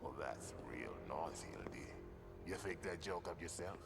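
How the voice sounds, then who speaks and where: An actor playing a sneering, menacing security heavy in a video game, with a South London accent and a gravelly voice. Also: male voice, low-pitched, lively intonation, unhurried, full character voice. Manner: mocking, menacing. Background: game music.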